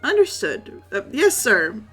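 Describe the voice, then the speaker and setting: A woman's voice: on the high side, huge pitch swings, measured pace, fairly bright tone, husky, faint music behind, exaggerated voice. A woman voicing a meek, unsure young male student in a video game, speaking hesitantly. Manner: hesitant, mumbling.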